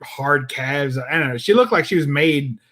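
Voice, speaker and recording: A slightly high-voiced man spinning a long anecdote in relaxed chat, rambling and full of fillers. He drifts in and out of acted-out quotes from the people in his story. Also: normal speed. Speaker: podcast host telling a story.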